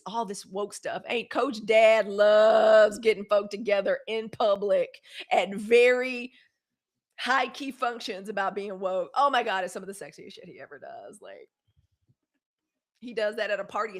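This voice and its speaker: A woman from Mississippi, hosting a live news stream and talking casually to her viewers. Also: medium pitch. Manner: animated, talks to her chat, swings loud and soft. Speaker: host.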